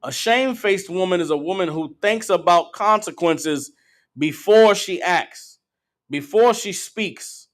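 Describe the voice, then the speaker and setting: A man's voice: sits high, measured pace. A man preaching a blunt, profane street-style sermon, slipping into mocking impressions. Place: meeting hall.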